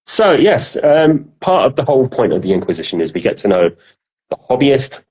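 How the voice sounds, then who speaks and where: A man's voice: mid-range voice, big pitch swings, moderate pace, darkish tone, husky, poor audio. A man co-hosting a casual podcast, chatty and casually swearing. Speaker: podcast co-host.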